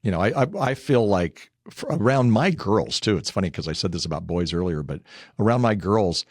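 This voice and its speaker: A man's voice: low-pitched, expressive, fairly quick, no room sound, studio quality. An older man, a guest in an interview, chatting through anecdotes about his family and laughing as he tells them. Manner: chatty, anecdotal, laughs while telling stories. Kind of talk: casual interview storytelling.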